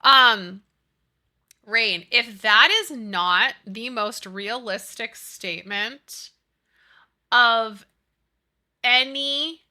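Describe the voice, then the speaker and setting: A woman's voice: on the high side, drawn-out words, pauses often, pushed and bright. A woman streaming, chatting casually with her chat and ranting with lots of swearing. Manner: chatty, profane, ranting, reads chat aloud. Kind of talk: casual live-stream chat while building.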